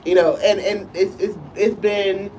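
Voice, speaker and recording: A woman's voice: mid-range voice, fairly even intonation, measured pace, warm tone, slight background noise. A woman co-hosting a casual live-stream chat, talking loosely and often asking "you know what I'm saying". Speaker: co-host and school teacher. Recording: voice a bit far from the mic.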